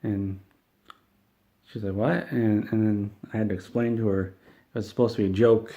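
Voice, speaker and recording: A man telling a rambling, deadpan comedic story, meandering and halting with frequent restarts. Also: lowish voice.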